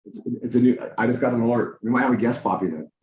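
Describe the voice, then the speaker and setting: A man co-hosting an online live stream, speaking in a relaxed way with some laughter during a casual chat. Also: medium pitch, fast, muffled recording. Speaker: co-host.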